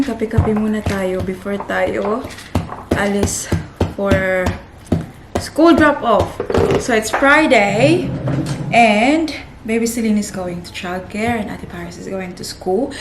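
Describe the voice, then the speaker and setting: A woman's voice: mid-range voice, takes it slowly. A woman with a Filipino accent, chatting casually to her vlog audience and mixing in Tagalog phrases. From Philippines. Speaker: vlogger, mother. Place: family home, indoors. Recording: echoey room with clear background noise.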